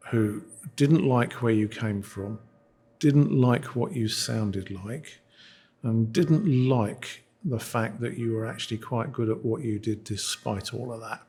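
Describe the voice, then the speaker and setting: A man's voice: medium pitch, gravelly, darkish tone, breathy edge. A male barrister reflecting in a documentary interview, often repeating words as he thinks.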